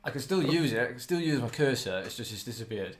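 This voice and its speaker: A man's voice: mid-range voice, expressive, fast talker. Flustered man on a live stream. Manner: flustered, fumbling, self-mocking. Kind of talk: casual chat while setting up a stream.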